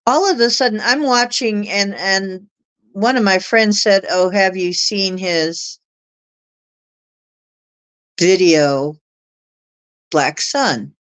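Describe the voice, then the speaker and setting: Slow-talking woman telling a story. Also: medium pitch, clear, resonant tone, poor audio. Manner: chatty, animated retelling with laughs and acted quotes. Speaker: astrology show guest. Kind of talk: casual storytelling.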